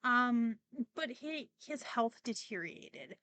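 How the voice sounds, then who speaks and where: A woman's voice: a little high, animated, slow, sharp tone, no room sound. A young woman hosting a podcast, talking casually and emotionally with many fillers and restarts, near tears at times. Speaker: podcast host. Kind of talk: casual personal monologue.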